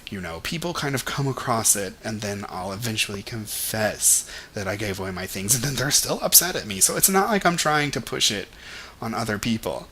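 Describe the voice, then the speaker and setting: Young man, casual vlog monologue, rambling, candid, lots of fillers, bright voice, faint background hum. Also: lowish voice, animated, a little fast. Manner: rambling, candid, full of "like" and "you know". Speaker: vlogger.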